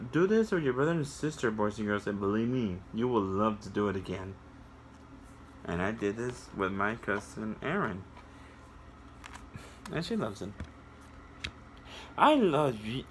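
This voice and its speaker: A man's voice: medium pitch, a little hiss or hum. Sing-song man reading a kids' storybook. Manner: sing-song, animated, talks to kids directly. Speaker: children's story reader. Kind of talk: reading a picture book aloud to children with asides.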